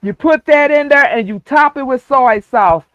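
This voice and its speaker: A man's voice: extremely high pitch, animated, normal speed, bright, forceful tone, no echo, dull audio. A man hosting a casual stream chat, folksy and talking people through a recipe step by step. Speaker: show host.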